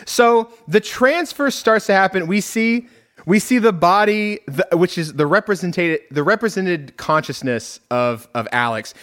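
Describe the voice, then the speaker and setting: Podcast co-host, male, raised voice, very lively swings in pitch, swears and laughs a lot. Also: clear, resonant tone. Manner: profane, laughs often, animated storytelling. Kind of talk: casual film recap chat.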